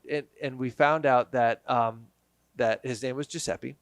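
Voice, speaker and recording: Brief: podcast guest, man, medium pitch, animated casual storyteller, dry studio sound. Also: measured pace, no echo. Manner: animated storyteller, acts out quotes. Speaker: guest, business owner.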